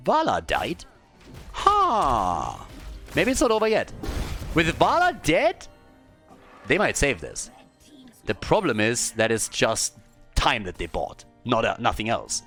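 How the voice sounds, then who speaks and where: Lively-pitched male esports caster. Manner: casual, swears freely, tells animated stories. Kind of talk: live game commentary.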